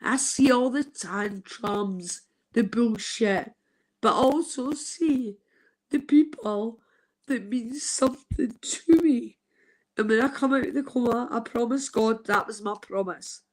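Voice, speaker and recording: A woman in her fifties speaks slowly and earnestly in a fairly high voice. She gives a heartfelt testimony on a live stream and drops casual swear words as she goes. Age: 50s. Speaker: guest sharing a personal testimony.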